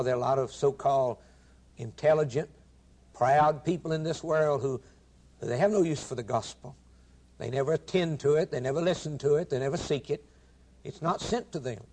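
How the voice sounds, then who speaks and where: A man's voice: fairly high pitch, darkish tone. A man preaching a sermon, earnest and emphatic, quoting scripture in old-fashioned wording and putting questions straight to his listeners. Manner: direct address to listeners with rhetorical questions.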